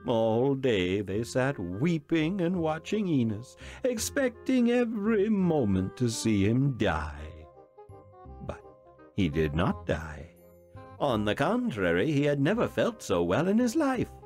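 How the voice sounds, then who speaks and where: A man narrating a fairy tale slowly and theatrically. His voice rises and dips dramatically through each sentence, with soft music playing behind. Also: mid-range voice. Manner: expressive, dramatic storytelling. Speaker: reader. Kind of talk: storybook narration.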